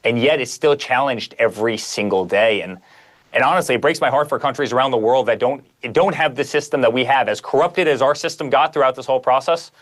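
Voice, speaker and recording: A man's voice: mid-range voice, fairly quick, a bit bright. A man speaking as a guest author in a conversational interview, emphatic and piling up repeated phrases.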